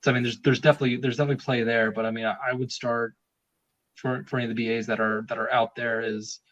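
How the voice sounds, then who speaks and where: A man's voice: mid-range voice, little pitch movement, fast talker, fairly bright tone. A man talking as a podcast guest in a rambling, casual way, with many fillers and restarts. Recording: dull lo-fi sound.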